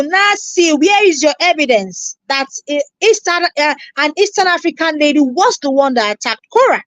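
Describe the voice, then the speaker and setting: Nigerian woman, live-stream reactor, very high, animated and scolding, dry mic. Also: normal speed, few pauses, dry recording. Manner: animated, scolding, repeats herself, greets viewers.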